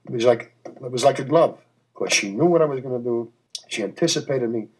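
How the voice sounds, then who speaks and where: Brief: older male interviewee, husky, lively storyteller. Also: mid-range voice, brisk, low-quality recording. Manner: animated storyteller, acts out scenes. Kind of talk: reminiscing interview.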